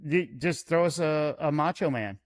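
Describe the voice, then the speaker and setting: A man's voice: on the high side, normal speed. A man hosting a casual group voice chat, reading viewer comments and teasing the others playfully.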